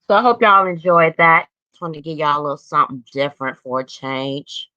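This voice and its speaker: A woman in her forties hosts her own livestream, her low-sitting voice brisk, pushed and bright. She chats casually in a drawl, blunt and profane. The stream audio is dry with no echo, slightly dull and lo-fi.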